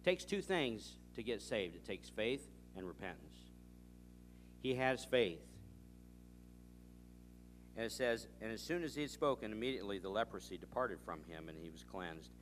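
A man preaching, telling a story with animated dialogue and reading scripture. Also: on the low side, normal speed, pauses often, faint music behind. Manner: animated storytelling, acting out both sides of a dialogue. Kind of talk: sermon with anecdotes.

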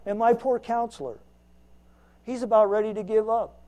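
A man preaching a folksy, self-mocking sermon, swinging between loud emphasis and quiet asides. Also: high-pitched, fairly even intonation, moderate pace. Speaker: lay preacher.

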